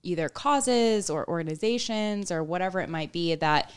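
A woman's voice: on the low side, animated, normal speed, clean tone. A woman guest on a podcast chatting casually, rambling enthusiastically with lots of "like". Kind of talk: casual chat.

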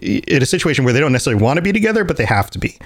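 A man's voice: medium pitch, big pitch swings, rapid-fire. A man co-hosting a casual podcast, talking in a rambling way with many restarts, laughing as he acts out scenes. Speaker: podcast co-host. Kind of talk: casual chat.

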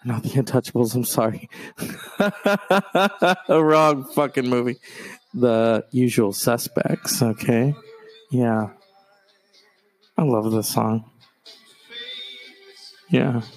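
A man's voice: mid-range voice, unhurried, pauses often, a little mellow, soft background music. A man hosting his own solo podcast, talking casually with profane, rambling, sarcastic asides. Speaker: podcast host. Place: home in the countryside.

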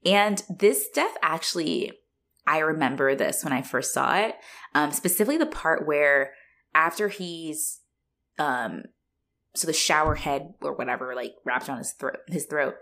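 A young woman co-hosting a casual chat about a horror movie, animated and profane, laughing often. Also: low voice, measured pace. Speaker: podcast co-host.

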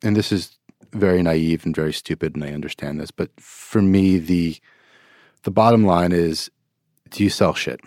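A very deep-voiced man, a trade journalist guest, thinks aloud with hesitations and self-deprecating asides. His voice is close and dry with no room around it. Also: normal speed, a little mellow, no room sound. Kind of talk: casual business discussion.

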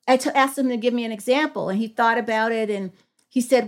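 Middle-aged woman, guest storyteller, earnest and thoughtful, slightly high voice. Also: quick pace. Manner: earnest, reflective, acts out dialogue in a raised voice. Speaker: guest, psychology professor. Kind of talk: storytelling in a podcast conversation.

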